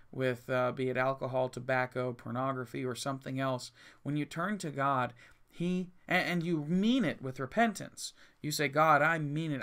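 A male pastor with a clean, mid-range, slightly bright voice reads verses from the Bible. He then explains them plainly, earnest and emphatic, restarting his sentences often.

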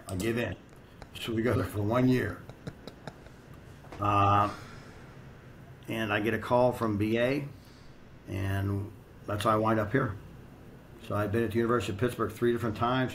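A man's voice: fairly low pitch, slight background noise, rough recording. A middle-aged American man and strength coach telling blunt, profane, rambling stories in a casual interview.

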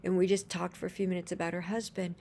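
A woman's voice: on the low side, level tone, fast talker, darkish tone, a little hiss or hum. A woman telling a personal story in a casual, earnest and gushing way, chaining events with "and then" as she rambles along.

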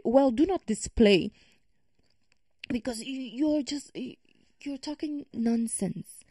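Woman reaction creator, emphatic ranter, mellow voice, dry sound. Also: a little high, slow, pauses often, breathy edge, no room sound. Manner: ranting, emphatic and exasperated. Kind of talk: casual reaction commentary.

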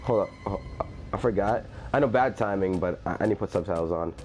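A man's voice: low-pitched, fast talker, darkish tone, soft background music. A man commentating a horror game, swearing constantly and shrieking when scared. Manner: panicky, constant swearing, screams in fright. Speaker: gaming host.

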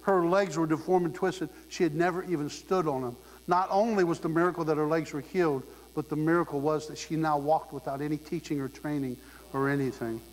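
A man's voice: on the high side, fairly even intonation, fairly quick. A man preaching a sermon in a slightly raised voice, emphatic and exhorting as he urges the congregation to respond. The sound carries a long, echoing hall reverb, with a faint mains hum underneath.

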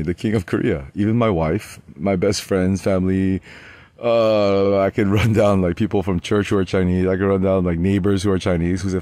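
Guy in his 40s rambling in a spa, low-pitched, swears nonstop, very dry sound. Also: moderate pace, darkish tone, no room sound. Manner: profane, laughs often, jumps between topics. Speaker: vlogger. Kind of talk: rambling monologue. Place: outdoor spa tub.

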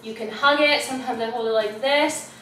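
A woman's voice: fairly high pitch, brisk, a bit bright, slight background noise. Breathless woman counting workout reps. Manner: counting reps aloud, swearing and groaning with effort. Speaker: fitness vlogger. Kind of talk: follow-along workout instruction. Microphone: camera at a distance. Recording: echoey room, camera far off, music behind.

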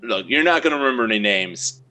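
A man playing his priest character in a tabletop game, animated and playful. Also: mid-range voice, fast talker, soft background music. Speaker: player.

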